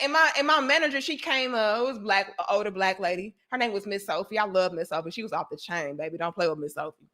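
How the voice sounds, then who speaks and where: A woman telling a personal story to her viewers in casual chat, animated and profane, talking straight to the audience. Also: mid-range voice, brisk. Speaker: vlogger.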